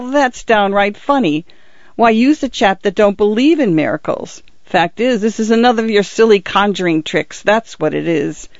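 A man voicing a gruff, irritable male village constable, dropping his aitches. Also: high voice, no room sound, highs cut off, voice pushed up.

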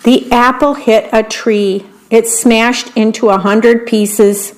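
A woman reads a children's bedtime story aloud for a radio audience, slow and gentle. She pauses to describe the pictures in a fairly high voice. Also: fairly even intonation. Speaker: volunteer radio reader.

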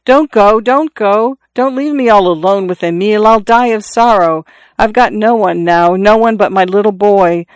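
A grief-stricken young mother pleads in a raised, higher voice, put on by an audiobook reader. The tone stays smooth and clear, and the recording is close and dry. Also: moderate pace, dry recording, lightly acted. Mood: grieving. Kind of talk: audiobook character reading.

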